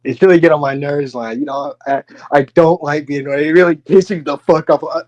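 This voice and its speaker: Slightly high-voiced man, volatile wrestler promo, forced calm and cursing. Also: a little fast, lo-fi sound. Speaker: wrestler persona in a press conference roleplay.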